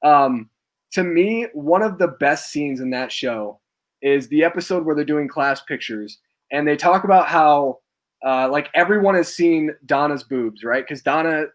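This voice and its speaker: A young man hosting a live chat, excited and laughing, acting out quoted lines, his voice cracking from talking a lot. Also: fairly high pitch, unhurried. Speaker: host. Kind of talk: casual live-stream chat.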